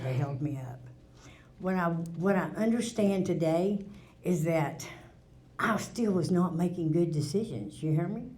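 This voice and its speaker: A woman's voice: sits low, a little mellow, slight background noise. Candid woman telling her story. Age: middle-aged. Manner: candid, plainspoken, with frequent restarts. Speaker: speaker sharing her recovery story. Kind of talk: personal testimony at a recovery meeting. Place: meeting room.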